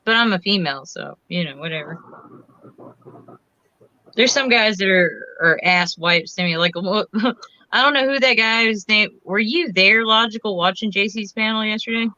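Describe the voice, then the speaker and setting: A woman chats casually on a group stream call, her voice bright and forward. She keeps it loose and swears freely. The audio is dull and lo-fi, like a voice chat. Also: mid-range voice, normal speed, no echo.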